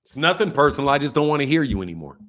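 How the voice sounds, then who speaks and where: A man hosting a boxing livestream, ranting at viewers in a profane, confrontational and animated way. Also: mid-range voice, rapid-fire. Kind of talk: heated livestream rant.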